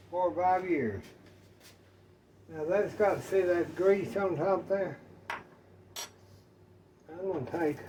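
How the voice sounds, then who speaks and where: Slow folksy older man. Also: fairly high pitch, recorded from a distance, very noisy. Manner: folksy, rambling, talks to viewers as y'all. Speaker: cooking vlogger. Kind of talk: casual home cooking chat. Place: home kitchen.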